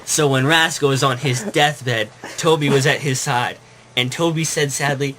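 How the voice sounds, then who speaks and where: A man's voice: mid-range voice, normal speed, bright, forceful tone. A man narrating a made-up comic puppet story, rambling and breaking into giggles, on a noisy home recording. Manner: giggling, rambling, making it up as he goes.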